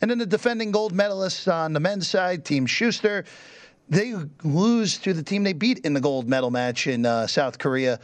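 A man co-hosting a sports betting show, giving a quick results update with filler words. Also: on the high side, lively intonation, no echo. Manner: brisk recap with fillers. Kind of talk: casual radio show chat.

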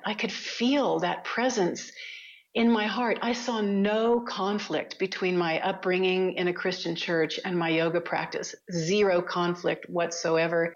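A woman, a guest on an interview podcast, telling her story in a lively, conversational way and laughing often. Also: lowish voice, highs cut off. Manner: animated, laughs often, retells quotes.

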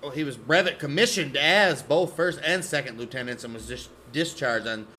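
A man's voice: medium pitch, lively intonation, moderate pace, sharp tone, soft background music. A man co-hosting a casual history podcast, joking around and swearing as he chimes in. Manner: joking, chimes in with silly voices and laughs. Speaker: podcast co-host. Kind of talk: casual profane history chat.

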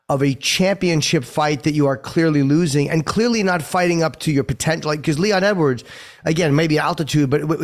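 A male podcast host chatting with a guest, his questions winding and full of restarts. His voice sits somewhat high for a man. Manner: conversational, rambling questions with restarts. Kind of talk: casual interview chat.

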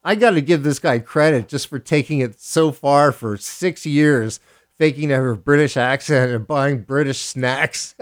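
A male radio DJ host reading a listener's confession aloud, then giving playful, mock-solemn commentary with frequent chuckles. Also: fairly high pitch.

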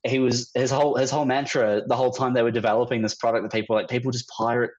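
A man chats on a podcast in a relaxed, storytelling way. His voice sits at an ordinary middle pitch, and he swears now and then. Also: racing, lo-fi sound. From New Zealand. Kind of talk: casual podcast chat.

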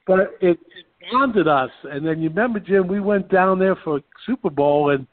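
A man telling brash, animated stories in a casual chat. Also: high voice, normal speed. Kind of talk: casual storytelling. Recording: phone-like narrow sound.

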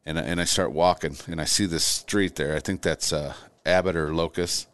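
A middle-aged man, a guest, telling his own story in conversation, halting and repeating words as he goes. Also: deep voice, fairly even intonation, a bit bright.

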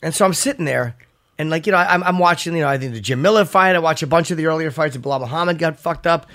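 Gravelly joking man hosting a podcast. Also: on the high side, fast talker, fairly bright tone. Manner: joking, profane, rambling storytelling. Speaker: podcast host. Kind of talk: casual chat.

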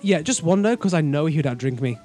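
A man's voice: fairly high pitch, animated, fairly quick, dark tone, faint music behind. A man co-hosting a casual podcast chat, blunt and sarcastic, swearing freely. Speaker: podcast co-host.

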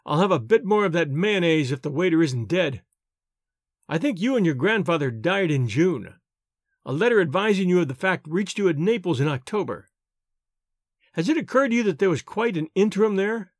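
A man voicing a dry, mocking male friend at supper in a story reading, in a lively voice. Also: high-pitched, normal speed, no echo.

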